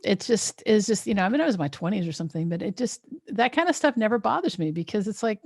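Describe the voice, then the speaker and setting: A woman's voice: medium pitch, animated, fast, darkish tone, dry recording, studio quality. A woman hosting a podcast in casual chat, reflective and telling personal stories. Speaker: podcast host.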